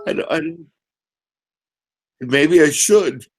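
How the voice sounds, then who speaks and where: A man's voice: fairly high pitch, expressive, takes it slowly. A man co-hosting a casual live chat stream, goofing around and breathless from laughing. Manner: breathless laughter, goofy outbursts. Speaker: livestream co-host.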